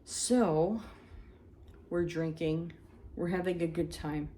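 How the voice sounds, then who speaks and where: A woman's voice: lowish voice, slow, slight background noise. Chatty New woman telling stories. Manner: animated, chatty, self-mocking. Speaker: storyteller. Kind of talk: casual storytelling.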